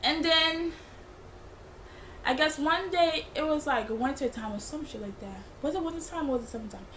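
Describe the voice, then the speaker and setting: A woman's voice: sits high, moderate pace, fairly bright tone, slight background noise. A young woman telling a rambling, slangy storytime for her vlog. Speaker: vlogger. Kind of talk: casual storytime.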